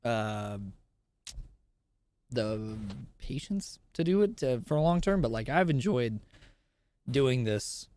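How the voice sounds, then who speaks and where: A man's voice: medium pitch, animated, takes it slowly, long pauses, dark tone. A young man hosting a podcast, talking casually in a rambling, profane way and laughing often. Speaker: podcast host and streamer.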